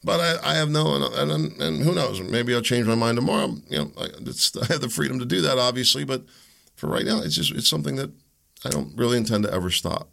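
A man's voice: medium pitch, lively intonation, brisk, gravelly, a bit bright. A man hosting a solo podcast, rambling and conversational, often correcting himself mid-sentence and asking pointed questions. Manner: opinionated and questioning. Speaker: podcast host.

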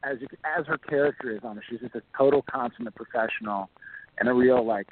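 Texan guy calling in, mid-pitched, lots of likes and you knows, sounds thin like a phone. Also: fast talker, no room sound. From Texas. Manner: rambling, hedging with fillers. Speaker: actor guest. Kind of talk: casual phone interview. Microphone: phone call. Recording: tinny phone line.

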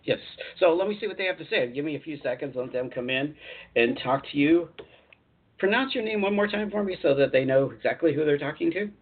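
Husky man hosting a call-in show. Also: fairly high pitch, expressive, a little fast. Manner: rambling, chatty, laughs easily. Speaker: radio show host and channeler. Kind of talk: call-in radio chat. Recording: tinny phone-line sound.

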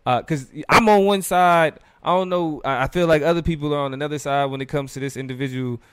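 Animated man hosting a casual show. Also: a little high, quick pace, clean tone, dry recording, studio quality. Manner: loose and animated, frequent fillers, laughs while talking. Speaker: podcast co-host. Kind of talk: casual live-show discussion.

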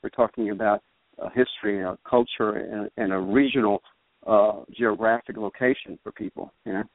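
Lowish-voiced man on a phone line. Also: fairly even intonation, no echo. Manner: measured, often checks with "right?". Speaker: guest, political theorist. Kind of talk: explanatory interview talk. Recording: tinny dry phone line.

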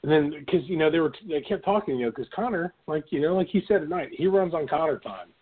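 A man's voice: fairly high pitch, animated, quick pace, breathy edge. A man hosting a casual combat sports podcast, easygoing and chuckling as he talks. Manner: easygoing, chuckling, many fillers. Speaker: host. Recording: phone-like narrow sound.

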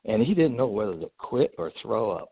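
A man, a guest on a podcast interview, telling a long personal story in an animated way, with fillers and restarts. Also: fairly low pitch, fairly quick, creaky, slightly rough. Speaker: guest entrepreneur. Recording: tinny phone-like line.

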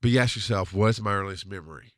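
A man telling a personal story in a blunt, profane, confessional monologue, dropping to a murmur and then bursting out loudly. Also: fast talker, no echo. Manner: blunt and profane, swings from low murmur to loud outbursts. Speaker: podcast host answering a listener question.

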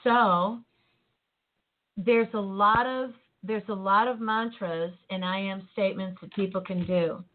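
A woman co-hosting a casual motivational chat, animated and laughing easily, often trailing off mid-thought. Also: mid-range voice, a little slow. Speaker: co-host. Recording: tinny phone-like line.

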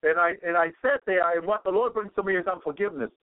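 High-voiced man preaching over a tinny line. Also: quick pace, no room sound. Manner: fervent, peppered with praise-the-Lord interjections; repeats and restarts phrases for emphasis. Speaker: radio preacher. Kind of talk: radio sermon. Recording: narrow phone-like radio line.

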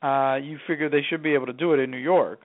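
A man's voice: mid-range voice, fairly even intonation, fast. A man co-hosting a casual sports talk show, steadily explaining his takes. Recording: tinny phone-like line.

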